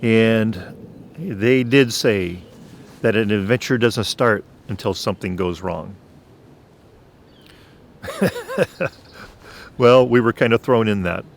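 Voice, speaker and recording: A man telling his faith testimony on his own channel in an earnest way, clearing his throat at times. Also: lowish voice, slight background noise. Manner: slow, earnest, preacher-like. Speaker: channel host.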